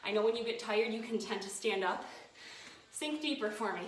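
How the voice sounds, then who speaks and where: Woman, fitness instructor, upbeat coaching, counting down sets, somewhat high voice, roomy echo. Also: expressive, normal speed, slight background noise. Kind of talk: guided home workout instruction. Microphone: camera set at a distance. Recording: echoey room, mic far from speaker.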